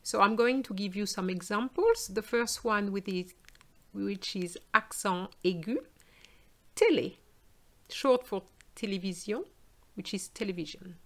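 Woman teaching sounds, takes it real slow, says each word twice. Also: medium pitch. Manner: slow, careful, repeats words for learners. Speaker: French teacher. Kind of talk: pronunciation lesson.

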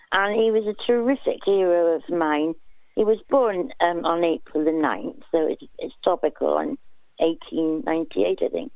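A woman's voice: mid-range voice, no echo. A woman calling a talk show, speaking in a hesitant, enthusiastic way. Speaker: caller. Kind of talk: phone-in call. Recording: dry tinny phone line.

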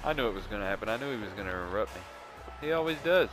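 A man hosting a casual let's-play, joking and excitable as he comments on the game. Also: lowish voice, racing, music in the background, rough recording. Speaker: gaming channel host.

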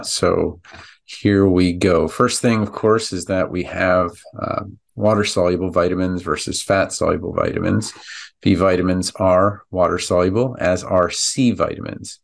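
A man hosting a pharmacology podcast, explaining slides in a relaxed, chatty way with many fillers. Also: sits low, moderate pace, gravelly, music in the background. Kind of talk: narrated slide lesson.

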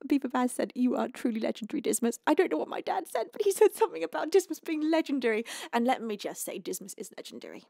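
Woman livestream host, fairly high, gushing and close to tears, dry close-miked sound. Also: big pitch swings, fast, creaky, hardly any pauses, mellow, dry recording. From United Kingdom. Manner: gushing, emotional, laughing often. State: tearful, close to crying. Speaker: livestreaming singer. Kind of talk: casual chat reading donations.

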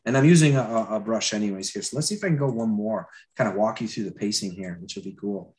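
A man teaching storyboard drawing in a live demo, with a dry throat he keeps clearing. He talks loosely and chattily, with many fillers and restarts. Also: on the low side, quick pace, darkish tone.

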